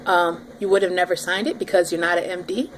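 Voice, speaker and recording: A pregnant woman in her thirties telling her audience a story in a casual, animated vlog. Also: on the low side, fast talker, a little hiss or hum. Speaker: vlogger.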